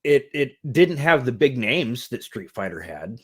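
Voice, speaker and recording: A man in his forties co-hosts a casual film review podcast. His pitch rises and falls in lively swings as he talks, and he laughs and swears freely. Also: a little slow, husky. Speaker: podcast co-host. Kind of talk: casual movie review chat.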